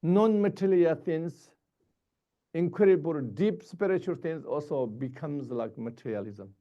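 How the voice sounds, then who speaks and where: A man giving a Buddhist dharma teaching in short, halting, repetitive phrases. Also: fairly high pitch, muffled recording.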